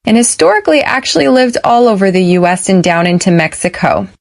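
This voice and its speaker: An American woman teaching English pronunciation on a podcast, speaking slowly and deliberately so learners can repeat after her. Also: medium pitch, big pitch swings, vocal fry, dry recording.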